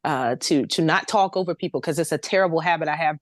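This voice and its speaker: A woman from the American South speaks with a light Southern accent in a low, articulate voice. She is expressive and laughs easily as a guest in casual conversation. The recording is dry and close, with no room sound. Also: fast, dry recording. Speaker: guest, ghostwriter.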